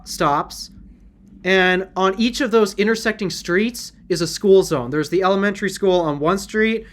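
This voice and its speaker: A man co-hosting a podcast in casual chat, telling stories earnestly and rambling with restarts. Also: high-pitched. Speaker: podcast co-host.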